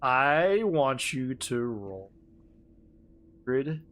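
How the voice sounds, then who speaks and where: A man's voice: medium pitch, big pitch swings, extremely slow, a bit bright. A man narrating as game master for a tabletop role-playing game, casual and full of fillers. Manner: laid-back, filler-heavy narration.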